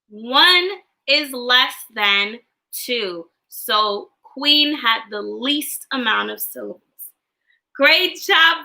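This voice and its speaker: A woman teaching a livestreamed phonics lesson to young children, in a slow, sing-song way. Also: high voice, gravelly, sharp tone. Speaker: kindergarten teacher.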